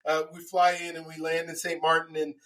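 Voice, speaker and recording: High-voiced man telling a story. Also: brisk, poor audio. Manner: animated, many fillers and restarts. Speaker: guest speaker. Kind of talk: storytelling interview answers.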